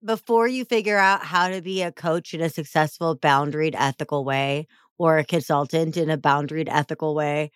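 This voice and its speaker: A woman hosting a podcast, talking frankly and lively with quick asides. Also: deep voice, clear, resonant tone, dry recording, studio quality. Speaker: podcast host. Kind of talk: podcast conversation.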